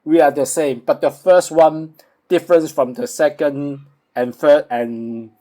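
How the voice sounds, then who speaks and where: A man with a Hong Kong accent, an English learner who speaks in halting, repeated phrases in a casual lesson. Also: fairly high pitch, steady tone, mellow. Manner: halting, repeats words, hums along.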